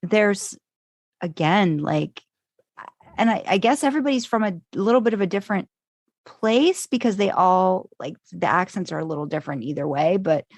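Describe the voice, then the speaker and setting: A woman's voice: fairly low pitch, lively intonation, moderate pace, no room sound. A woman co-hosting a podcast, chatting casually, laughing often and acting out what others said. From United States. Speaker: podcast co-host. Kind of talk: casual chat.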